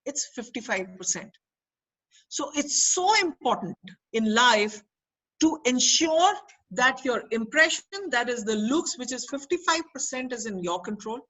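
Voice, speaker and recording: A woman's voice: a little high, pushed and bright, poor audio. An Indian woman giving a career counselling webinar to students, switching between English and Hindi and quizzing her listeners. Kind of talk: interactive webinar lecture. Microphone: video call.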